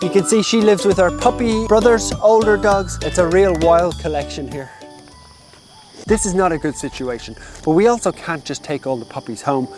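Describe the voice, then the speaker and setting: A man with a slightly raised voice chats to the camera outdoors as he makes his rounds feeding street dogs. He explains things in an easy, friendly way and breaks into high cooing when he greets the animals. Clear music plays under his voice. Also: normal speed. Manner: chatty, talks to the dogs in a high excited baby voice. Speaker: dog rescue volunteer feeding street dogs. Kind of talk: casual vlog narration to camera. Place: outdoors by a jungle road.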